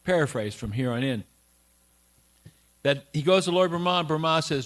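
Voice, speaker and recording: A man giving a morning scripture class at a temple, retelling a sacred story loosely with many pauses, fillers and restarts. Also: fairly high pitch, animated, fairly bright tone. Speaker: class speaker. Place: temple hall.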